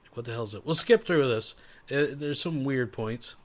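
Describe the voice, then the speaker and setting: A man's voice: medium pitch, moderate pace, slight background noise. A man hosting a reaction commentary, making sarcastic, profane asides about the clips he plays. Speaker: commentary host.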